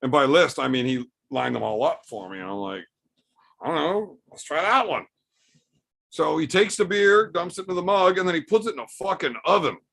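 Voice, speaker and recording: A man's voice: on the high side, expressive, fast talker, vocal fry, hardly any pauses, a bit bright. A young man, casually reading and answering live chat with blunt, profane jokes. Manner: profane, blunt, joking banter.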